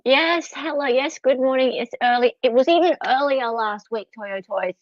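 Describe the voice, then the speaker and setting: The livestream host, a middle-aged Australian woman at home, speaks in a high voice at normal speed. She's chatty and giggly while greeting viewers; there's no echo, though the audio is slightly dull and lo-fi.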